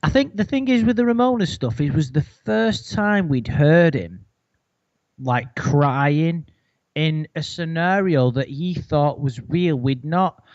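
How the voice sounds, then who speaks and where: A man's voice: on the high side, expressive, takes it slowly, a little mellow, no echo. Dry-humoured man, muffled lo-fi podcast. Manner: swearing, dry mocking humour. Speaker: podcast host. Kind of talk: casual chat. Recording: dull lo-fi, dry sound.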